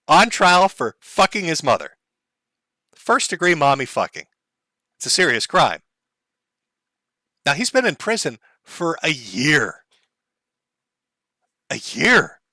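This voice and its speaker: Streamer host, male: bright, animated delivery, dry close sound, crude sarcastic rant. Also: fairly high pitch, dry recording. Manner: sarcastic, crude, mock-panicked asides. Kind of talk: mocking livestream rant.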